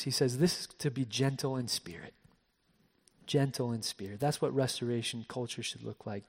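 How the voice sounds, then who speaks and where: A man preaching a sermon as pastor, shifting between soft hushed passages and raised emphatic ones, often repeating words as he restarts. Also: medium pitch, moderate pace, breathy edge, in a large hall. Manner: frequent word repeats and restarts.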